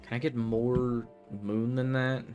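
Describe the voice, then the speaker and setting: A man's voice: mid-range voice, level tone, slow pace, darkish tone, muffled recording, soft background music. Frustrated man muttering over a game. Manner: grumbling, frustrated muttering to himself. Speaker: streamer playing a game. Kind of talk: casual gameplay commentary.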